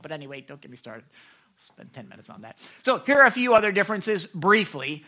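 A man's voice: high-pitched, sing-song, fairly quick, sharp tone. A man preaching a sermon, talking conversationally, asking the congregation questions and acting out quoted voices. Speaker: pastor.

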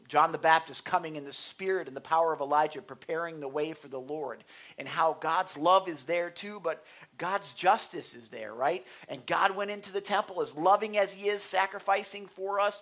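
A man's voice: high voice, a bit bright. A man preaching a sermon in an earnest, conversational way, asking the congregation questions and building to emphatic bursts. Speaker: pastor.

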